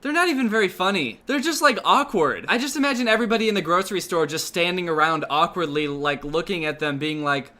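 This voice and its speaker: A young man with a fairly high, bright, forceful voice delivers comedic video commentary. His delivery is sarcastic and incredulous, with animated outbursts of disbelief. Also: quick pace, hardly any pauses. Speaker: commentary host.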